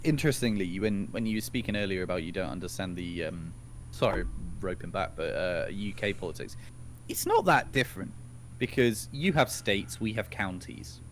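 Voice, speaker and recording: A man's voice: low-pitched, animated, moderate pace, fairly bright tone, slight background noise. A man from England with a BBC-style southern English accent, explaining patiently in a casual chat and searching aloud for words. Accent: southern English standard (BBC-style). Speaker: podcast co-host.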